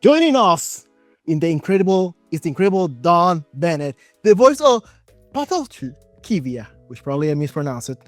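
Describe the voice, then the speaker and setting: A man's voice: fairly high pitch, sing-song, moderate pace, no room sound, soft background music. A man with a Spanish accent hosting an interview, enthusiastic and stumbling over names. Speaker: interview host.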